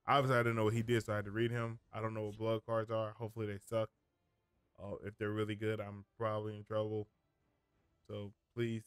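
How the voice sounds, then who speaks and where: A man's voice: lowish voice, level tone, fairly quick, smooth, dry recording. Guy streaming a card game, just talking through his plays, rambly and self-correcting. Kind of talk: casual gameplay commentary.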